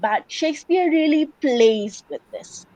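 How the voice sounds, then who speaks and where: Recorded in a dry, dull, lo-fi classroom, a university English lecture is given by a woman with a Bangladeshi English accent. Her high voice is dark-toned, animated and a little slow as she explains steadily, with an occasional "um."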